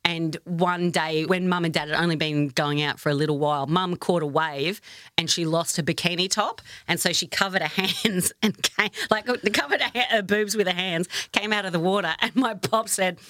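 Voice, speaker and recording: A woman's voice: on the low side, moderate pace, a bit bright, no echo, clean studio sound. A woman from Australia, chatting casually on a podcast and laughing often. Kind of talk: casual chat.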